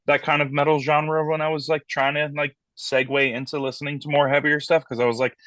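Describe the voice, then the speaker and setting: A man's voice: a little high, fairly quick, no echo. A man who fronts a metal band, chatting casually as an interview guest, swearing freely and acting out voices as he tells stories. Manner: animated storyteller, swears freely, acts out quoted voices.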